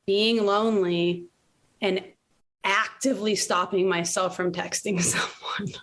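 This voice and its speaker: A woman's voice: medium pitch, a little slow, slight background noise. A woman in her late thirties talking candidly and animatedly as a podcast guest, swearing now and then. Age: 30s. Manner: candid, animated storytelling, swears, laughs often. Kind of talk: casual conversation.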